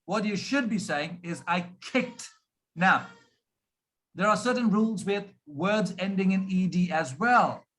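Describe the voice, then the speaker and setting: Indian man, RP-leaning accent, high voice; speech coach, deliberate and demonstrative. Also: a bit bright. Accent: Indian English, RP-influenced. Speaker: pronunciation coach. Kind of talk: speech on pronunciation.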